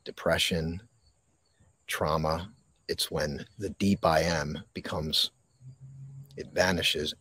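A man hosting a live mindfulness podcast from a park, talking slowly and reflectively with dramatic pauses and reading viewer comments. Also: extremely low pitch, steady tone, bright, forceful tone, slight background noise. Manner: reads and answers viewer comments. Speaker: podcast host. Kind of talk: live-streamed mindfulness talk. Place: outdoors in a park.

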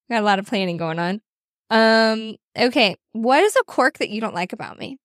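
A chatty, playful woman co-hosting a podcast in relaxed conversation with her husband. Her voice sits a little high, and she leans on "like" as she talks. The sound is close and dry, with no room echo. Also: moderate pace. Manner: chatty and playful, heavy use of "like". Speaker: podcast co-host. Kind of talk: casual chat with her husband.

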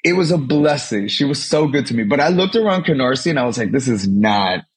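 A man's voice: fast, husky. A man from Mexico, a guest in an interview, telling his own story animatedly with many restarts. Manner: animated, tumbling restarts, swings high when excited.

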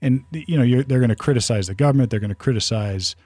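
A man's voice: mid-range voice, fast, mellow, no room sound. A man chatting casually as a podcast co-host, rambling with many restarts and fillers. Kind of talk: casual conversational talk.

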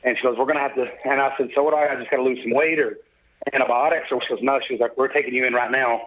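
A middle-aged man tells his life story as a guest in a casual podcast interview, speaking very fast in a steady, mid-range voice on dull audio. Upbeat and jovial, he acts out the lines of the people he quotes.

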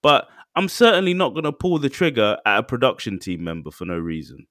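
A man co-hosting a podcast, talking in a casual, excitable way and acting out quotes. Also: mid-range voice, fairly quick, no echo, studio quality. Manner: animated, excitable, acts out quotes. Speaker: podcast co-host. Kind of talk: casual chat.

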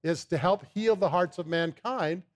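A man's voice: sits high, a little slow. A man, a guest on a talk show, eagerly explaining a supplement, often repeating his first words. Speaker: supplement company founder, guest.

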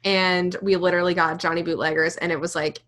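A young woman co-hosting a podcast in casual chat, talking fast and loose with lots of "like" and "literally". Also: fairly low pitch, little pitch movement, a bit bright. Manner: chatty, says "like" and "literally" a lot. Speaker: podcast co-host.

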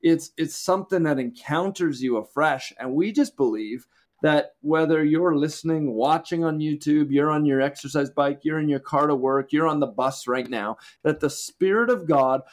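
A man co-hosting a podcast, telling a testimony story in conversation with animated, lively retelling. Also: a little high, moderate pace. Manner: animated, excited retelling with acted quotes. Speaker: podcast co-host.

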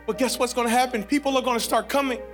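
High-voiced man preaching a sermon. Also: steady tone, racing, faint music behind. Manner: preaching with big swings from hushed to shouted; casual, conversational with playful voiced asides. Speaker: guest preacher.

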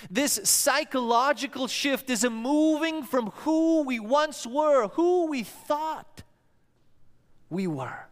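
Speaking slowly in a very high-pitched voice with lively intonation, a male pastor delivers a sermon full of stories. He takes on the voices of the characters he quotes, and a long hall reverb surrounds his words.

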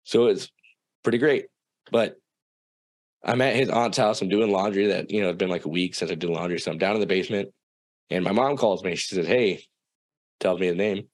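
Young guy, low and dry, swears freely, acts out quotes in a spoken story. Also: a little fast, pauses often, no echo. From South Dakota. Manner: profane, animated storytelling with quoted dialogue. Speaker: guest storyteller.

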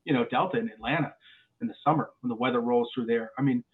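A male airline pilot, a guest on a podcast, telling stories in a lively way and often restarting his words. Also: mid-range voice, fast. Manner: animated storyteller with frequent restarts and repeated words. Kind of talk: podcast interview chat. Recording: phone-like narrow sound.

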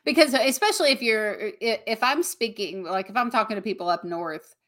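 Bright-voiced Southern American woman. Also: on the high side, brisk. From Southern United States. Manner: chatty, says "right" often. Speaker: podcast co-host, comedian. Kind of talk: casual chat.

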